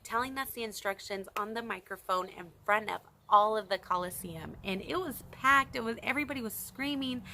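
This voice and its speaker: A young woman casually telling a story to her camera, excitedly and animatedly, with squeals when she quotes reactions. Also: a little high, a little hiss or hum. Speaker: vlogger.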